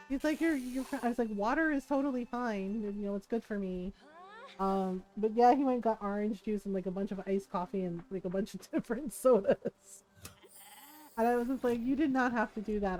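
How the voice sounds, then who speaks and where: A woman's voice: a little high, a little fast, mellow, faint music behind, poor audio. A woman streaming a farming game, chatting casually and telling stories while she plays, acting out quotes and laughing often. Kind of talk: casual chat while gaming.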